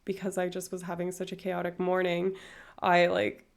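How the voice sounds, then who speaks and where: A woman's voice: lowish voice, monotone, moderate pace, gravelly. A young woman in her twenties streaming from home, chatting casually and rambling with lots of fillers. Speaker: livestreamer. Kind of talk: casual livestream chat.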